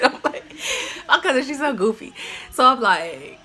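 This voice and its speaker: A woman's voice: fairly high pitch, moderate pace. Chatty woman telling a storytime. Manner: animated, chatty, slangy, many "like" fillers. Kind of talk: casual storytime.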